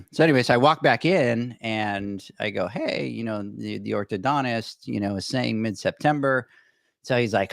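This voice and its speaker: A man's voice: medium pitch, moderate pace, no room sound, clean studio sound. A middle-aged man co-hosting a podcast, telling a rambling, self-deprecating story with many restarts. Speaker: podcast co-host. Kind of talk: casual storytelling chat.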